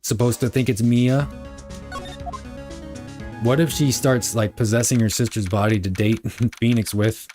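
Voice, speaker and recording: A man's voice: medium pitch, fairly even intonation, measured pace, pauses often, a little mellow, soft background music. A young man giving casual, crude, joking gameplay commentary as a streamer. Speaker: game streamer.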